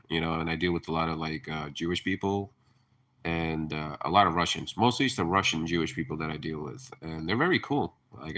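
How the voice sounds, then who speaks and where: A man's voice: sits low, pushed and bright. A man chatting casually on a live stream, rambling, laughing and cursing freely. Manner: hyper, chatty.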